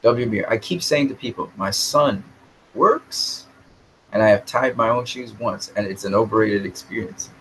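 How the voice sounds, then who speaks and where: Rambling, opinionated man with a lowish voice. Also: moderate pace, fairly bright tone, slight background noise, poor audio. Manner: rambling, opinionated, repeats words. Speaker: live stream host answering chat. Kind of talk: casual live chat movie talk.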